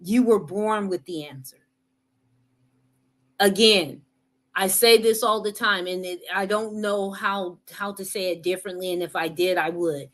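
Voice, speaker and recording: A woman's voice: mid-range voice, steady tone, a little slow, a bit bright, poor audio. A woman giving an earnest motivational talk, repeating her points and often checking in with "right?". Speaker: motivational speaker.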